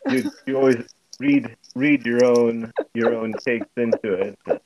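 A man guest on a book podcast, speaking thoughtfully with many pauses and ums. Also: medium pitch, fairly even intonation, darkish tone, slight background noise. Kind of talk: casual book club chat. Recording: dull lo-fi sound.

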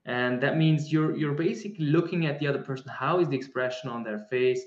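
A guest speaker on embodiment answers a question reflectively and conversationally, often restarting and hunting for the right words with plenty of fillers. His voice is medium-pitched and a little fast. The audio sounds roomy and dull.

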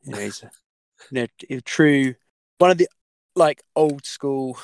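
A man's voice: mid-range voice, lively intonation, unhurried, creaky, a little mellow, dry recording. A man telling a story as a podcast guest, with many fillers, restarts and the odd swear word. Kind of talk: casual storytelling.

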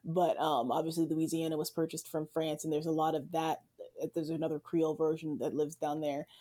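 A woman's voice: deep voice, flat delivery, fairly quick, warm tone. A woman chatting casually as a guest, full of fillers and frequent laughter. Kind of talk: casual conversation. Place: Southern United States.

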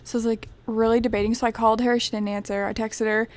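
Young woman, podcast co-host, slightly high voice, animated storytelling, casual chat. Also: fast. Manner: animated storyteller, heavy use of "like".

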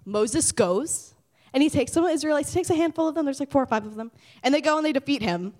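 A young woman giving a casual devotional talk to teens, lively and conversational, swinging from loud to hushed. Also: sits high, fast. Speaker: youth speaker.

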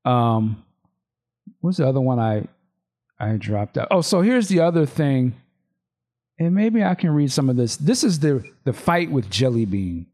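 A man chatting on a podcast as he reads a screenplay aloud. He talks loosely, breaking off with asides and restarts. His voice sits at an average pitch. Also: very animated, unhurried, long pauses, warm tone. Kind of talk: casual chat, reading a script aloud.

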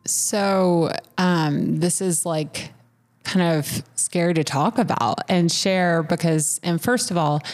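A woman's voice: lowish voice, takes it slowly, a little mellow. A young woman co-hosting a podcast, telling a story in a casual, rambling way, full of "like" and the odd swear word. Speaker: podcast co-host.

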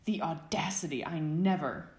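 Woman playing a fiery brash schoolboy wizard, big theatrical shouts, low voice. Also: expressive, normal speed, echoey room. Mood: rowdy.

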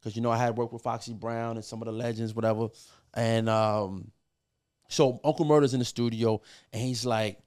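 A man's voice: medium pitch, steady tone, moderate pace, darkish tone, smooth. Middle-aged man telling loose, profane stories. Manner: profane, loose, filler-heavy with many restarts. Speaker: podcast guest, music producer. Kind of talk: casual storytelling.

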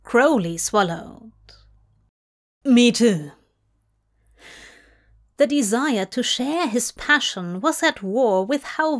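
A woman narrating a fanfic in a slow, measured reading. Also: mid-range voice. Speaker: fanfic reader. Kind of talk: scripted narration.

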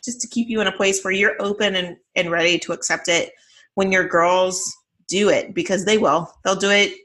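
Woman, 30s, podcast co-host; casual, animated storyteller, bright tone. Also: medium pitch, moderate pace. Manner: chatty, animated storytelling with many fillers. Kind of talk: casual chat.

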